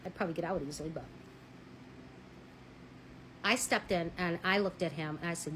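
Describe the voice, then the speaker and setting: A woman telling a personal story in a blunt, animated way, swearing freely and acting out what people said. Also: lowish voice, normal speed, pauses often, slight background noise, low-quality recording. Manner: married. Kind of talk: casual storytelling.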